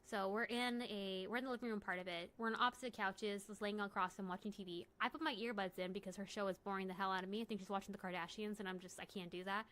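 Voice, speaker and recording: A woman's voice: mid-range voice, fairly even intonation, fast, few pauses, a bit bright. A young adult woman streaming a game, telling a story in a casual, rambling way, often correcting herself and joking. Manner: rambling, self-correcting, jokey. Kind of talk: casual storytelling while gaming.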